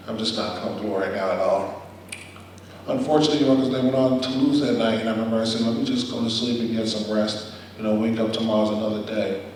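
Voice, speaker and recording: A young man giving a guest speech, telling a personal story with animated, acted-out quotes. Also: on the low side, a little hiss or hum. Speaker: guest speaker. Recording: echoey hall from far off.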